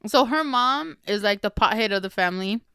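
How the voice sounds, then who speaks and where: A woman's voice: medium pitch, lively intonation, brisk, bright, forceful tone, clear, resonant tone, no echo, clean studio sound. A woman hosting a podcast, chatting casually and laughing often as she recaps a book. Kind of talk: casual chat.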